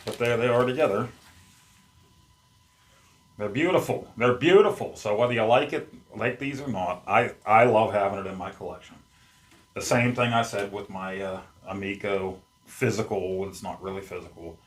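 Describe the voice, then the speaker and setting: A man's voice: fairly low pitch, steady tone, moderate pace, slight background noise. A man hosting a casual unboxing vlog at home, chatting in a rambling way as he handles the gear. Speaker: YouTube host. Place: at home among his game collection.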